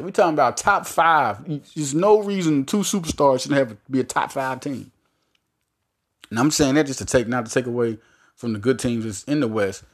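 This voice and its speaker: A man hosts a sports podcast on his own, talking in a rambling, animated style full of restarts and fillers. His pitch is medium.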